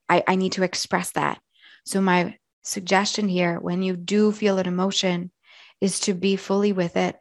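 A woman speaks in a reflective personal monologue, her voice hoarse and full of fry. She talks slowly, softly and earnestly, the way a coach talks to clients. The sound is dry and close. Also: lowish voice, no room sound. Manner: slow, soft and earnest. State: hoarse from yelling. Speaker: wellness coach.

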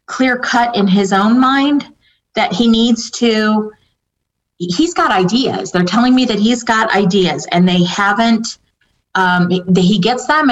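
A woman giving a psychic reading in a casual, hesitant way, full of fillers and restarts as she relays what the spirits tell her. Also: medium pitch. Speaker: psychic medium answering viewer questions. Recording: dull lo-fi recording.

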